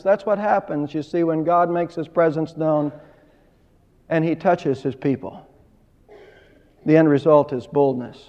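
High-voiced preacher man in an echoing hall. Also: a little slow, pauses often, darkish tone. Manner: emphatic preaching, rising and falling in volume. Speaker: pastor. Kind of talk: sermon. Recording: dull lo-fi sound with long hall reverb.

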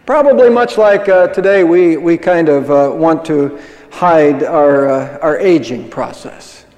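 A man's voice: on the high side, measured pace, a little mellow. Older man, pastor; conversational sermon with rhetorical questions, long church-hall reverb.

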